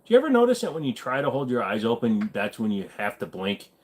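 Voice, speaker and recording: A man's voice: mid-range voice, wildly swooping pitch, fast. A man hosting a casual livestream, joking and rambling while answering chat. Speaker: livestream host.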